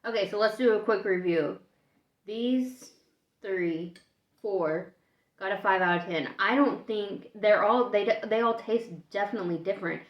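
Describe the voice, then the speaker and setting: A woman's voice: mid-range voice, measured pace. Woman from the US, casual food vlog, thinks aloud while tasting, roomy echo, slightly dull lo-fi sound. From United States. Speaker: food vlogger. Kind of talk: casual taste-test vlog. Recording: echoey room, dull lo-fi sound.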